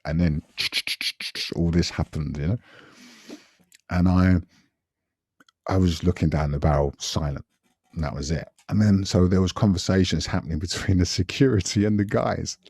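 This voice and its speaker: A deep, mellow-toned man, recounting a story for a podcast. He talks casually and animatedly, circling back with repeats and little asides. His voice sounds dry and close. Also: normal speed, long pauses, slightly rough, dry recording. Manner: animated, repetitive retelling with frequent asides. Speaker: podcast guest recalling past events.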